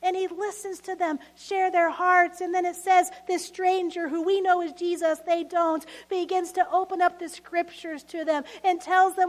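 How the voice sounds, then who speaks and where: A woman preaching a sermon, telling stories in a lively way, laughing often and acting out the voices she quotes. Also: extremely high pitch, normal speed.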